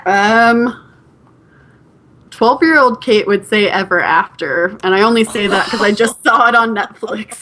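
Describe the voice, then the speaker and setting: A woman's voice: medium pitch, a little slow, fairly bright tone, slight background noise. A woman in her twenties, a guest on a casual podcast chat, giggly and self-deprecating.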